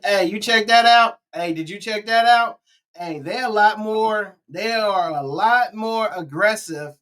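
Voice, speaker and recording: A man's voice: high voice, bright, forceful tone. A man hosting a casual reaction video, talking to his viewers as family and repeating his exclamations. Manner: chatty, addresses viewers as family. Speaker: YouTube reaction host.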